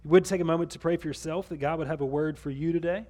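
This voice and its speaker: A man's voice: a little high, fairly even intonation, racing, darkish tone. A man pastor preaching a conversational sermon, with some restarts along the way.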